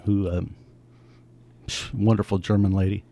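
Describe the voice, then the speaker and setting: A man in his seventies telling his family's story in a conversation, lively and acting out the voices of people he quotes. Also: lowish voice, unhurried, lo-fi sound. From United States. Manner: animated, acts out quoted voices.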